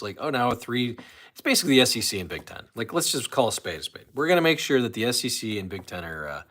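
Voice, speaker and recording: A man's voice: medium pitch, fairly bright tone. Chatty man hosting a rambling live stream. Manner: rambling, chatty, reads chat comments aloud. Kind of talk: casual live stream chat.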